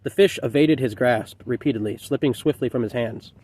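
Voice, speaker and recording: A man reads his own novel aloud in a measured, reflective way, with a voice at a middle pitch for a man. He trips on a word now and then and corrects himself. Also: a little mellow, slightly rough. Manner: measured, reflective reading with occasional slips. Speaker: author reading his novel. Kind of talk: reading fiction aloud.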